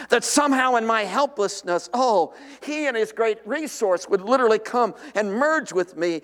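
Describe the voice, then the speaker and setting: A man with a high voice preaches a sermon, driving each point home through repetition and small acted-out scenes. His voice carries a long hall reverb, as if from a church. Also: a bit bright. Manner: emphatic, repetitive, voices imagined people for illustration.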